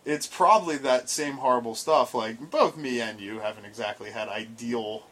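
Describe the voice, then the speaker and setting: A man's voice: medium pitch, moderate pace, a bit bright, slightly rough. A man in casual chat, blunt and teasing, arguing his point with frequent swearing. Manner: blunt, teasing, argumentative, profane.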